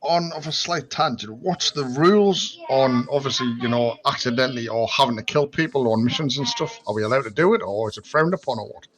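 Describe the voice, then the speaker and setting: A man's voice: medium pitch, fairly bright tone. Hesitant older man playing a tabletop game. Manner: hesitant, halting questions. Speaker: player. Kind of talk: casual tabletop game play.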